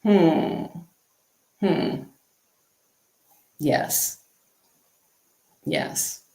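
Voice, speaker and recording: A woman talking as an interview guest, telling stories candidly in an animated, chatty way and repeating phrases for emphasis. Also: deep voice, very slow, roomy sound. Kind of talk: candid conversational storytelling.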